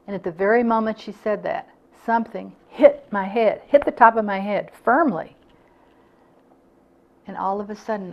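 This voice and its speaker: An older woman gives an earnest personal storytelling talk at a club, sharing her own stories and acting out what people said. Her voice is medium-pitched and the sound is lo-fi.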